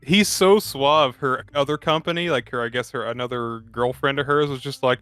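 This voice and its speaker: A man's voice: medium pitch, moderate pace, a bit bright, clean tone, dry recording, faint music behind. A man co-hosting a podcast, recapping a movie in casual chat with crude jokes and frequent laughs. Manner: crude, joking, laughs often. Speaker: podcast co-host.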